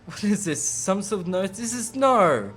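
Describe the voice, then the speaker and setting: A man commentating his own game playthrough from a home streaming setup, full of jokey, self-mocking asides. His voice sits a touch high and bounces around animatedly, with soft music playing faintly behind him. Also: sing-song, a little slow. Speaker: let's play host.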